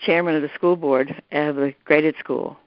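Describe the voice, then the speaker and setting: A low, steady-toned older woman talks at normal speed while recalling her family's history as an interviewee. The casual story rambles, broken by repeated restarts and asides. It's a dull, dry lo-fi recording with no room sound.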